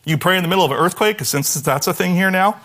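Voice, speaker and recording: High-voiced animated male pastor preaching. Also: fast talker. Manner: animated preaching, dropping to a hushed voice for quoted prayers. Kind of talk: sermon.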